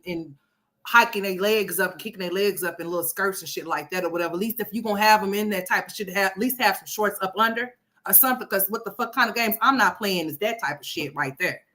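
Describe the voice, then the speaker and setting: A woman's voice: medium pitch, fast. A woman from Oklahoma hosting a commentary stream, ranting brashly with a lot of profanity. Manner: brash, profane, loud sassy rants. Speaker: commentary host. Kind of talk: livestream commentary on a reality video.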